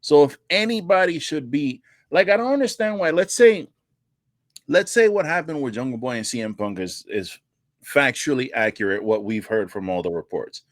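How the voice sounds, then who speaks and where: A man co-hosting a wrestling podcast, talking casually and swearing freely. He gets heated and acts out what others said, his pitch leaping up. The sound is dry and close, with no room around it. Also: moderate pace, no room sound. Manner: animated, profane, acts out quotes with rising pitch. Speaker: podcast co-host.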